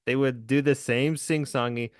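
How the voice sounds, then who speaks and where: A man in a casual podcast chat about a film, eager and quick to laugh. His voice sits at a middle pitch and sounds dry and close, with no room around it. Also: fairly even intonation, no echo. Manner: enthusiastic, laughs often, restarts. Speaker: podcast host. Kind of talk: casual movie discussion.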